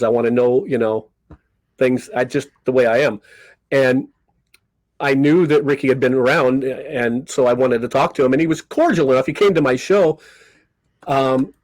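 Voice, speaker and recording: An older man, a comedy magician invited onto a podcast, speaks at medium pitch while telling casual stories and vividly playing the people in them. It's a relaxed storytelling interview, recorded dry and roughly.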